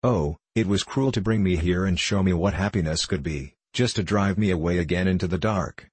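A man's voice: low voice, fairly quick, a little mellow, breathy edge, dry recording. A man voicing a clever, calculating orphan girl in an audiobook, speaking in an imploring, intense way.

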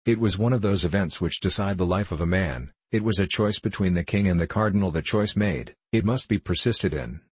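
A man narrating a classic novel in a steady, formal audiobook reading. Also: deep voice, brisk, hardly any pauses, husky, no echo.

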